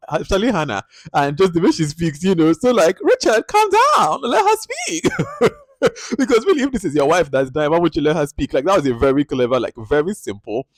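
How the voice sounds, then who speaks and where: A man's voice: on the high side, quick pace, hardly any pauses, no echo. Chatty male film reviewer, dry sound. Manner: chatty, animated, heavy use of "like". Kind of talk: casual spoken movie review.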